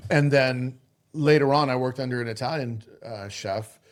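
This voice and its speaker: A man's voice: medium pitch, moderate pace. Chill guy hosting a chef podcast, swears casually, storytelling vibe. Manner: loose, swears casually, tells stories. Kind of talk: casual conversation.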